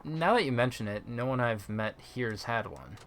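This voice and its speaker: A man reading a blunt, gruff tough guy. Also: medium pitch, expressive, normal speed, fairly bright tone, slight background noise, natural voice. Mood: curious.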